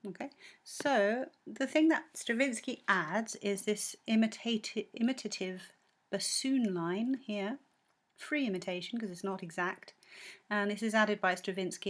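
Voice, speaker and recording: A woman's voice: mid-range voice, measured pace. A woman teaching a music lesson, patiently explaining a score bar by bar, with frequent ums and self-corrections, sometimes singing short bits of the melody.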